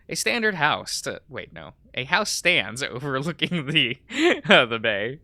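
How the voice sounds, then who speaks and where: Giggly man reading a visual novel slowly. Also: mid-range voice, very animated, pushed and bright, no echo. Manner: giggly and self-mocking. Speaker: game streamer.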